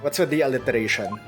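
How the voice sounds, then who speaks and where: A man's voice: mid-range voice, fairly bright tone. A man streaming a video game, reading its dialogue aloud and tossing in wry, joking asides. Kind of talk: casual playthrough narration. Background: game music.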